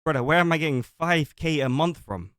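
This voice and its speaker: A man's voice: fairly high pitch, expressive, a little fast, a bit bright, no echo, clean studio sound. Blunt, casual male streamer. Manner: casual, blunt, swears freely, thinks aloud. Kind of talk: livestream commentary reading out text messages.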